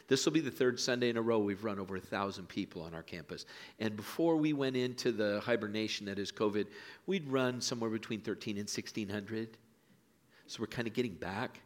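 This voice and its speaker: A pastor preaching a sermon in a church, telling folksy stories and dropping to hushed lines for emphasis. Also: male voice, fairly low pitch. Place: church sanctuary.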